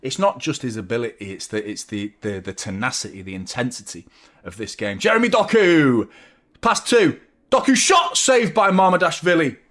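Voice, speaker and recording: A man hosting a live football watchalong, reacting loudly as a fan, swearing, joking and talking to viewers. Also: medium pitch. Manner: excitable, swearing, jokey fan banter, chatting to viewers. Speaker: watchalong host.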